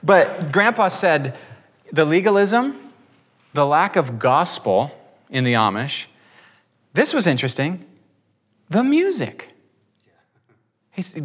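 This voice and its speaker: A man who preaches, telling a lively testimony in conversation and acting out the quotes. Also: a little high, slightly rough. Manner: animated, acts out quotes, quick bursts. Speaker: preacher and guest. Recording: reverberant room.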